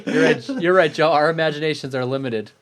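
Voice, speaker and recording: A man's voice: on the high side, a little fast, a crowd in the background. A man co-hosting a casual sports podcast, explaining bets and teasing his co-host with a laugh.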